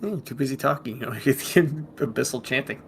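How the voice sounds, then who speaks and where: A man playing a tabletop game, describing events in a halting way as he searches for words. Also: mid-range voice, gravelly, a little hiss or hum.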